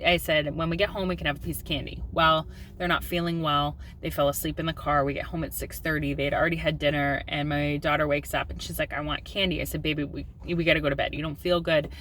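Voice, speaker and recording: A woman in her thirties speaks in a candid home vlog, open and confessional, sprinkling in ums. Her voice sits on the lower side. A faint hiss of room noise runs under her. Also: little pitch movement, fast, hardly any pauses, fairly bright tone. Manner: open and confessional, with filler ums and self-deprecating laughs. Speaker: mom vlogger.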